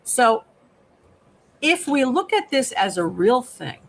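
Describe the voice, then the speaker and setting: A man talks through a film episode in a casual live review, his gravelly voice rising and falling a lot. He explains patiently like a therapist, often pausing to check in with "okay?", over a faint hiss. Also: very high voice, big pitch swings, a bit bright, low-quality recording.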